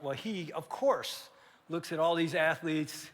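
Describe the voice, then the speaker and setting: An older man preaching a sermon, telling a story with lively acted-out dialogue and building to shouts. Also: on the high side, normal speed. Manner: animated, acts out dialogue, rising to shouts at climaxes. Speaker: pastor. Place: church sanctuary. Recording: long church hall reverb.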